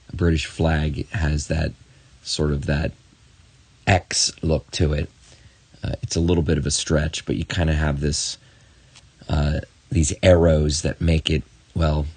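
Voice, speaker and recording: In a close, echo-free recording, a very low-voiced math teacher with a darkish tone walks a student through a lesson on video. He is encouraging, addresses the viewer directly, and throws in brief asides.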